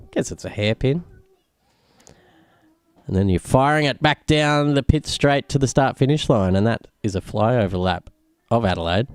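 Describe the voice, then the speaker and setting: A man's voice: on the low side, darkish tone, smooth, no room sound. A man, commentating a lap of a sim racing track and explaining each corner. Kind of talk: live race commentary.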